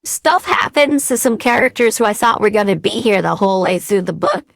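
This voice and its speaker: A woman's voice: mid-range voice, animated, brisk, creaky, fairly bright tone, no room sound, clean studio sound. A woman hosting a casual podcast chat, playful and giggly, making silly sound effects. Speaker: podcast host.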